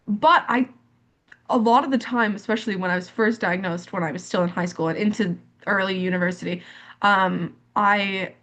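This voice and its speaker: A young woman speaks candidly on a discussion panel about her own experiences. Her talk is full of fillers, restarts and repetitions, and she acts out remembered conversations, lifting her voice when she quotes others. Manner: animated storytelling, acts out quoted dialogue in higher pitch. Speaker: panelist sharing lived experience. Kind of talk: candid personal account on a panel.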